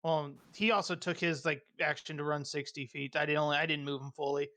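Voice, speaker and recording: A man's voice: a little high, fairly even intonation, a little fast, pushed and bright. A man acting as dungeon master, narrating outcomes of a tabletop game and laughing often.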